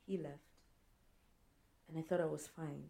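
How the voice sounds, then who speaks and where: Lively storytelling woman, slightly low voice. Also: unhurried, creaky. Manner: animated storytelling, acts out quoted friends, laughs often. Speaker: podcast co-host. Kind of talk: casual chat.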